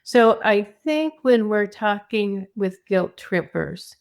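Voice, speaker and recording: An older woman, a podcast guest, chatting about caregiving and telling lively stories with voiced quotes. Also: mid-range voice, slow pace, creaky, clean tone. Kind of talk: conversational storytelling.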